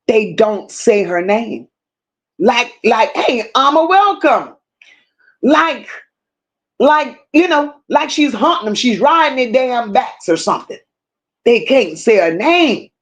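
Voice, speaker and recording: Blunt, high-voiced woman livestream host. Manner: blunt, emphatic, greets viewers by name. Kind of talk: casual livestream commentary reading chat.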